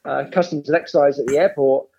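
A man's voice: fairly high pitch, steady tone, fairly quick, vocal fry, mellow, husky, dull audio. A man co-hosting a podcast over a remote call, telling a story animatedly and laughing as he goes. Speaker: podcast co-host. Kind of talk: casual storytelling chat.

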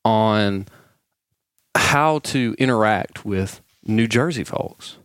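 A man's voice: on the low side, takes it slowly, a bit bright, clean tone, no room sound, studio quality. A man, co-hosting a podcast in casual chat, playful and teasing. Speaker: podcast co-host.

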